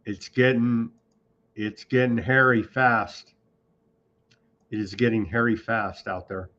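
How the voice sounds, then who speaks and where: A man's voice: lowish voice, steady tone, slow, sharp tone. A man hosting an online news show in a loose, off-the-cuff way, with sarcastic asides. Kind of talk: casual online news commentary. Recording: slightly dull lo-fi sound.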